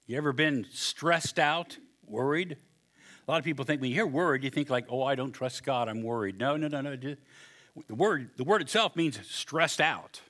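A man preaching a sermon, animated and joking, acting out the people in his story. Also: medium pitch, moderate pace. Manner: animated, acts out voices with humor. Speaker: pastor.

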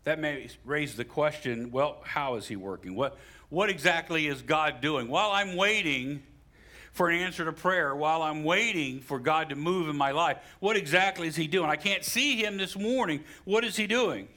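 Bright-voiced male pastor preaching. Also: fairly high pitch, moderate pace. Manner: animated preaching with sudden rises for emphasis and asides to the congregation. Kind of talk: sermon.

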